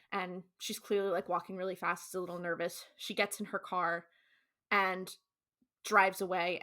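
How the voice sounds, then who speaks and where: Bright, chatty Californian woman podcast co-host recapping a show scene by scene; laughs a lot. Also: mid-range voice. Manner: chatty, laughs often, acts out characters' lines. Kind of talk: casual podcast chat, recapping an episode.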